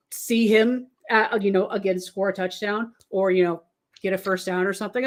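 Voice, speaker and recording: A woman from around Kansas City rambles and laughs often as a podcast guest, chatting casually about football. Her voice is medium in pitch and moves at a moderate pace.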